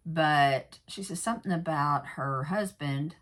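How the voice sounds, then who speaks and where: A woman with a low voice talks her viewers through a true crime episode in an easygoing way. She wanders off on asides and fillers and adds frank opinions as she goes. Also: measured pace, fairly bright tone. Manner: rambling, many fillers and asides; candid, personal commentary. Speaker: true crime recap vlogger. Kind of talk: casual episode recap.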